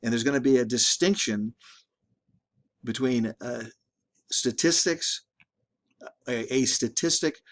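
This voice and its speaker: A man's voice: mid-range voice, slow pace, long pauses. A middle-aged man teaching a statistics class in a conversational lecture, often repeating and restarting words. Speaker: statistics instructor. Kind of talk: recorded lecture.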